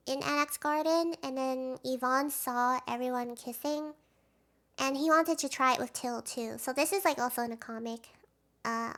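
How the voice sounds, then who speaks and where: A young woman doing casual video commentary as a fan, rambling and emotional, swinging between hushed talk and excited outbursts. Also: high voice. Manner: rambling, with fillers and restarts.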